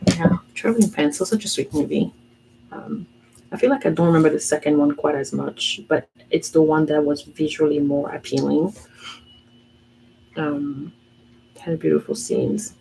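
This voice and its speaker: While she draws and paints, a woman in her thirties who makes art vlogs talks to herself through every step, chatty, musing and quick to laugh. She has a low, gravelly, dark voice. The recording is low quality, with slight background noise.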